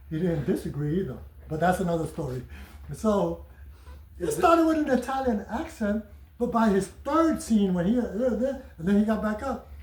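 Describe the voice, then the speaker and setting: Man, middle-aged, high voice, joking, rambling comedian, casual chat, echoey room. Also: a little mellow. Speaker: guest comedian and actor. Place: theater venue after a performance. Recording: roomy echo.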